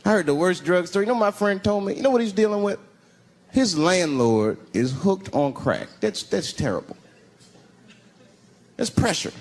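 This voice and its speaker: A male stand-up comedian telling stories, swearing freely and dropping into low murmured asides. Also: expressive, brisk, long pauses, big-room sound. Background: crowd laughter.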